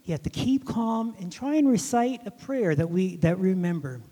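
A man voicing his kind Christian schoolteacher, calmly instructing a frightened child. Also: sits high, moderate pace. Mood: soothing. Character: kind, calm Christian woman teacher. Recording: long hall reverb.

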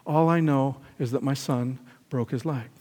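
A man voicing a poor, wise old village man in a sermon story, speaking quietly and evenly. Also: medium pitch, close to an everyday voice. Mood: measured. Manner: quiet, even and measured. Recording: echoey hall reverb.

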